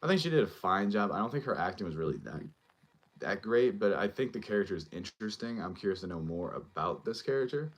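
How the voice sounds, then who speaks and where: Man, very low voice, casual show host, rambling TV recap, lots of "um" and "like". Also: very animated, fast. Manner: rambling, filler-heavy, loosely retells scenes. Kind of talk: casual episode recap and review.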